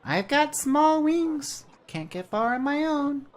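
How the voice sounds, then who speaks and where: A man voicing a tiny chirpy male winged sprite in a high, squeaky, slowly drawn-out voice. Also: lively intonation, full character voice. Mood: cheeky chirpy.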